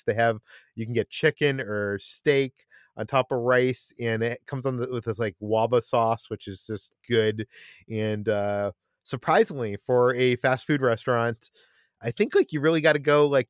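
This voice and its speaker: A man's voice: mid-range voice, dry recording, studio quality. Stammering man hosting a casual chat. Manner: stammering restarts, many fillers. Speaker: podcast host.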